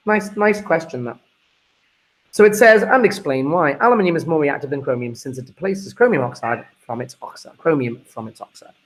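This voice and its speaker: A male teacher works through an exam paper step by step, with a voice that sits a little high for a man. He is chatty and informal, calling his students guys and folks as he explains. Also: poor audio. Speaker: chemistry teacher.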